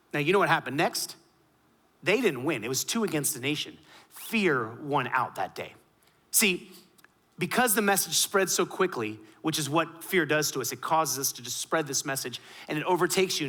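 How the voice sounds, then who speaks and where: A pastor preaching a sermon, switching between loud, emphatic lines and quiet, low asides. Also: animated, normal speed.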